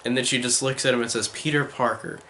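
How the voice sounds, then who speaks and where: A man's voice: medium pitch, level tone, racing, pushed and bright, slight background noise. A man giving a casual spoken film review, enthusiastic and rambling, with many fillers like "like" and "um".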